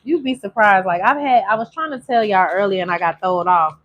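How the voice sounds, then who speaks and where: A woman's voice: medium pitch, highs cut off, noisy background. Chatty emotional tarot reader woman. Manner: chatty, emotional, drawn-out sung phrases. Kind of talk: casual spiritual reading to viewers.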